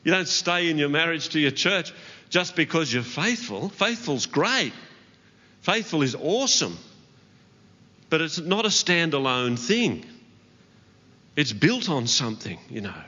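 A man's voice: on the high side, big pitch swings, unhurried, pauses often, sharp tone. A man preaching a sermon to his church, earnest, with light laughs and asides to the congregation. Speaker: pastor. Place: church auditorium. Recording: dull church hall recording with long reverb.

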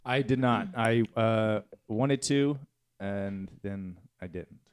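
A man's voice: on the low side, clean tone, dry recording. A man in a casual studio chat, rambling hesitantly with many halts. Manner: hesitant, rambling, halting speech.

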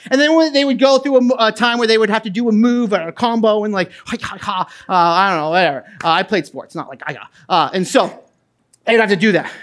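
A middle-aged man preaching a sermon as pastor, moving from hushed tones to loud calls, with casual asides. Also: sits high, fast. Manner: impassioned, swings from quiet to loud.

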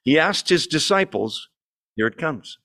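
A man with a fairly high voice leads a Bible study for a small group in a church room. His teaching is conversational and lively. He keeps asking the group questions and slips in dry humor. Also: measured pace. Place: church meeting room with a Zoom audience.

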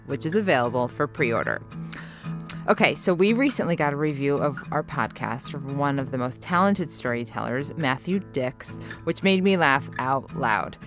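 A woman hosting a storytelling podcast, reading announcements and thanks in a steady way. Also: sits low. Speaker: podcast host.

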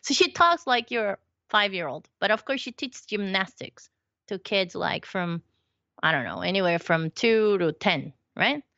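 A woman telling stories in a casual podcast chat, animated and quick to act out what other people say. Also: medium pitch, no echo, highs cut off. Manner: animated storyteller, acts out quoted voices. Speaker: podcast guest. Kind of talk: casual conversation.

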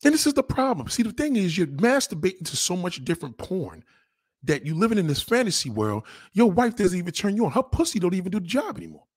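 Blunt, foul-mouthed male commentator; slightly high, husky voice. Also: big pitch swings, fast, no echo, studio quality. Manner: blunt, crude and heated, addressing viewers directly. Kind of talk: profane relationship rant.

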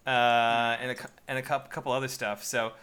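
A man co-hosting a podcast in casual chat, excitable and laughing often, with frequent filler restarts. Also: medium pitch, a little fast. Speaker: podcast co-host.

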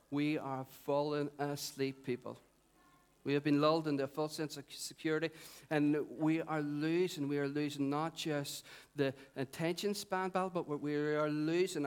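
A middle-aged man preaches in a chatty, animated way. His voice sits fairly high for a man. He keeps asking the congregation questions and drawing them in. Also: clean tone. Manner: animated, conversational, asks the crowd questions. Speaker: pastor. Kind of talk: sermon.

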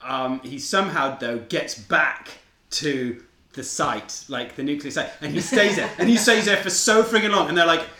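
Excitable high-voiced man chatting. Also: normal speed, echoey room. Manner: rambling, excitable, laughing often. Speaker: podcast co-host. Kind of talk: casual chat.

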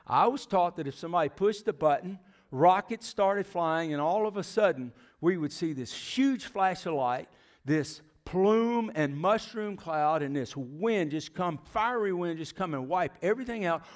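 Man in his sixties, American, preaching a sermon, slightly higher voice, dramatic, drops to near-whispers. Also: lively intonation, unhurried. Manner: dramatic storytelling, swinging from loud emphasis to hushed near-whispers.

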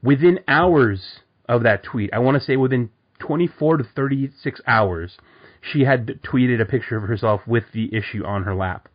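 A man's voice: medium pitch, normal speed. Podcast co-host, male, rambling and loose, full of ums, muffled lo-fi sound. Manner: rambling, lots of fillers and restarts. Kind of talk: casual comic book podcast chat. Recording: dull lo-fi audio.

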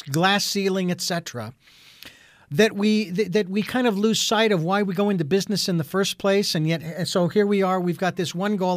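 A male host with a notably high voice chats casually, often laughing and pausing with fillers. The sound is dry and close, with no room around it. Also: dry recording. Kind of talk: casual interview chat.

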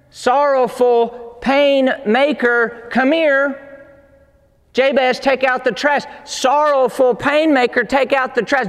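High-voiced man preaching in a reverberant hall. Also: fairly bright tone. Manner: emphatic, rising to fervent pleading. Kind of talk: sermon.

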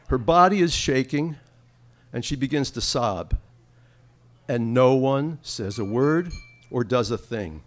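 Lively, heartfelt male storyteller. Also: mid-range voice. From Massachusetts. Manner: reflective, heartfelt. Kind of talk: live storytelling.

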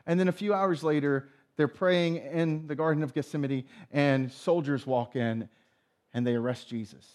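A man's voice: fairly high pitch, steady tone, normal speed, darkish tone. A male pastor giving a sermon, retelling a story and acting out the characters' lines. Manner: storytelling, acts out voices in retelling.

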